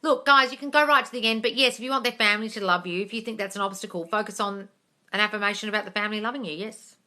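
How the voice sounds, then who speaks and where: A woman hosting a live question-and-answer stream, talking bluntly and with swearing, calling viewers darling and swinging between soft coaxing and excited squeals. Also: medium pitch, very fast. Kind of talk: casual live chat.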